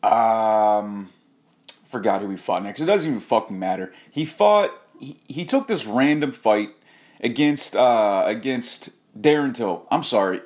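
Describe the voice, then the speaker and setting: A man's voice: lowish voice, expressive, unhurried, a little mellow. A man hosting a casual rant vlog, talking in a rambling, profane way with frequent restarts and self-corrections. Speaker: host.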